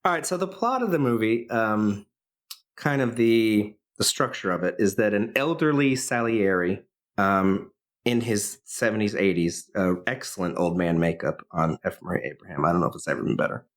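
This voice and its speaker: A man's voice: lowish voice, animated, moderate pace. A man co-hosting a podcast, casually retelling a film's plot with lots of fillers and restarts. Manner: rambling, many fillers and restarts. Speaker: podcast co-host.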